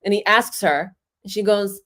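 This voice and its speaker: A woman's voice: medium pitch, moderate pace. A woman whose first language is Russian, a guest on a livestream chat, telling stories animatedly and acting out what people said. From New York area. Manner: animated storyteller who acts out quotes. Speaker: guest impressionist.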